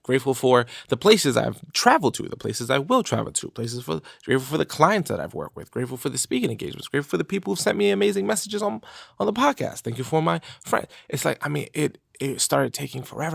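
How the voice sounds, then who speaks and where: A man hosting a motivational podcast, talking in an energetic, casual way with slang. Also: medium pitch, vocal fry, no room sound, studio quality. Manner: energetic, animated, conversational with slang. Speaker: podcast host.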